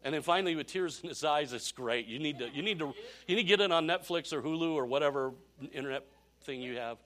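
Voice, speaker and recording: A man preaching a sermon, telling a story in an animated way and often repeating phrases. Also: on the high side, fast. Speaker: pastor.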